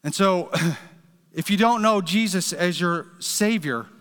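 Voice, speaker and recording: Guy pastor preaching, fairly high smooth voice, earnest storytelling. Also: slow, fairly bright tone, big-room sound. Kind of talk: sermon.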